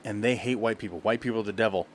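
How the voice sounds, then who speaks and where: A man's voice: lowish voice, rapid-fire. A man co-hosting a podcast, telling a long story in casual chat and laughing often. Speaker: podcast co-host.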